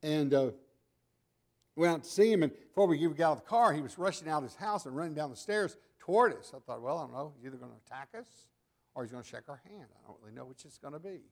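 Older guy preaching, slightly high voice, tells stories, loud then quiet asides. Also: quick pace. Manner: animated storytelling, acting out voices in quotes; swings between loud emphatic lines and soft asides. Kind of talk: sermon.

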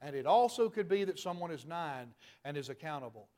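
Middle-aged male preacher, high-pitched, emphatic, pushes to loud peaks. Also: expressive, brisk. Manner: emphatic, rhetorical questions, rising to loud peaks. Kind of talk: sermon.

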